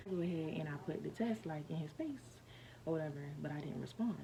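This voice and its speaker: A woman vlogger tells a personal story in a casual, rambling way, full of fillers and restarts. Her low, gravelly voice moves at a quick pace, and the low-quality recording has steady noise clearly humming behind her.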